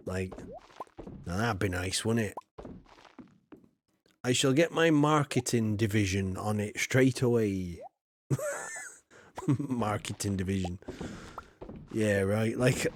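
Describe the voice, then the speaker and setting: A man's voice: on the low side, noisy background. Chatty man streaming games. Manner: chatty, rambling, laughs often. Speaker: game streamer. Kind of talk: casual live-stream chat.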